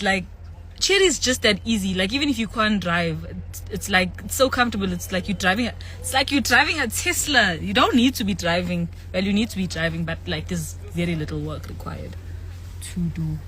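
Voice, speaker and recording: A woman's voice: mid-range voice, moderate pace, a bit bright, a little hiss or hum. A young woman from South Africa chatting casually, giggly and playful, laughing often. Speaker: reality TV personality. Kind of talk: casual chat.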